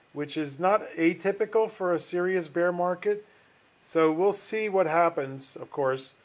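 Man, middle-aged, finance instructor, online lecture, slightly high voice, folksy, rambling, many fillers.

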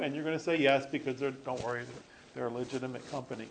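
A man's voice: medium pitch, fast. A male teacher giving a classroom lecture, joking with students and correcting himself as he rambles.

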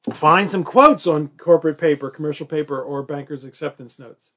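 A man teaching a college class in an easygoing, joking manner. His voice sits a little higher than most men's, and his talk is full of fillers and playful acted-out quotes. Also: normal speed, fairly bright tone. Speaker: college instructor. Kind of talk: recorded classroom lecture.

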